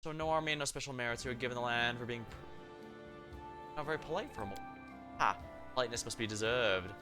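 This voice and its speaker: A man's voice: medium pitch, brisk, over music, lightly acted. A man voicing an arrogant male noble baron who speaks in a condescending tone. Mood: haughty.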